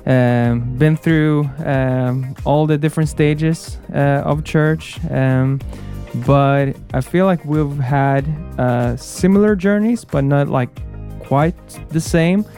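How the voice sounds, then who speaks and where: A young man answers on air, hesitant and full of ums. His voice is soft and mellow, with faint music behind it. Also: fairly high pitch, slow pace. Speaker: guest musician. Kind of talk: interview answer.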